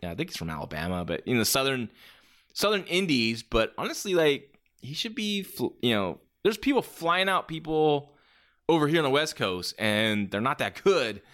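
A man's voice: medium pitch, big pitch swings, moderate pace, a bit bright. A man hosting a podcast, chatting casually and with strong opinions as he reviews matches, often restarting his sentences. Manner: rambling, many restarts and fillers, opinionated. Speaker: podcast host reviewing wrestling. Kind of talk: casual chat.

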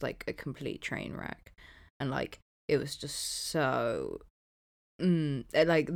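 A young woman with a notably low voice for a woman talks through a podcast chat. She is candid and chatty, leaning on filler words as she goes. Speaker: podcast co-host. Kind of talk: casual chat.

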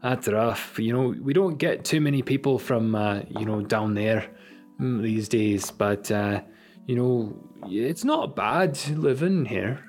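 A man's voice: mid-range voice, slow pace, darkish tone, soft background music. A man doing a folksy older Scottish villager. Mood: consoling.

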